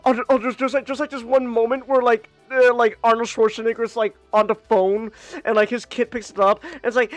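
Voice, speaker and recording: A man's voice: extremely high pitch, level tone, fairly quick, fairly bright tone, dry recording, faint music behind. A man hosting a podcast in a casual, rambling chat, full of fillers and frequent laughs. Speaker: podcast host, virtual streamer.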